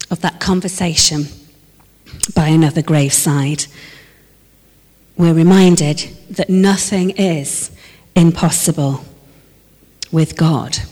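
Reverberant, unhurried woman preaching a sermon. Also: low-pitched. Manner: expressive, moving between lively emphasis and hushed, slowed reflection. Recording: long reverb of a large hall.

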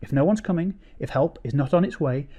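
A man voicing a calm, steady young wife in labour, soft and firm. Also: a little high, a little fast, husky, lo-fi sound.

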